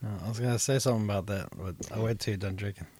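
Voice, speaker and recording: A man's voice: lowish voice, rapid-fire, a little mellow. A man co-hosting a podcast, chiming in with dry, teasing remarks in casual chat. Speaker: podcast co-host.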